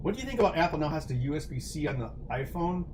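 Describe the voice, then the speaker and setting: Guy chatting on his livestream, kinda high voice, lots of restarts and little laughs. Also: sing-song, fast, background noise. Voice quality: rambling, restarts, chuckles often. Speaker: livestream host. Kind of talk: casual chat.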